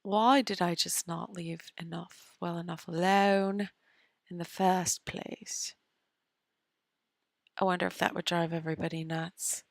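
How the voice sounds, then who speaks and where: Woman, stream host, casual chat, gravelly, low voice, dry close sound, muttered half-whispered asides. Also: fairly even intonation, a little slow, no room sound. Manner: muttering to herself while fixing screen share, half-whispered asides. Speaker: astrology show host.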